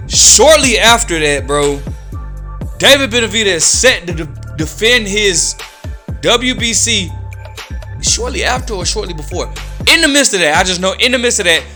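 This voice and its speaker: A man talks through boxing drama in loose, slangy commentary and acts out the quotes as he goes. His voice sits high and bright, with soft music underneath. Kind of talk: casual commentary.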